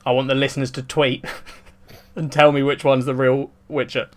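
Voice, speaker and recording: An easygoing young man co-hosts a podcast, asking questions in casual chat. His voice sits at a middle pitch. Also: flat delivery, moderate pace. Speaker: podcast co-host and editor.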